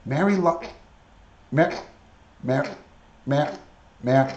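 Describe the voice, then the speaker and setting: A man's voice: medium pitch, lively intonation, slow, gravelly, long pauses, darkish tone, roomy sound, lo-fi sound. A man hosting a casual live stream, chatting with viewers and coaxing his parrot to talk.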